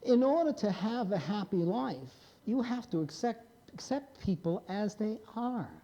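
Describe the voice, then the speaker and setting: A mellow-toned man in his fifties lectures a live audience, blunt and wry, his pitch swinging up and down as he prods the listeners with questions. The recording is dull and lo-fi. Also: expressive, a little slow. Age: 50s. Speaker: psychiatrist lecturer.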